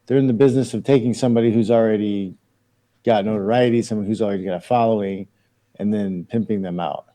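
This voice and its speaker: A man co-hosting a podcast, asking questions and giving his take in a relaxed, casual way. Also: fairly low pitch, quick pace. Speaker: podcast co-host. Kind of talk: casual sports chat.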